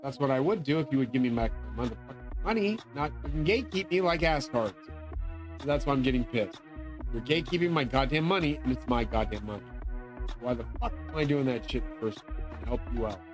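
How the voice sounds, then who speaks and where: A man's voice: mid-range voice, animated, fairly quick, over music. A man hosting his own channel, talking in a profane, rambling, angry monologue full of grand claims. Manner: angry, swearing, grandiose ranting. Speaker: channel host.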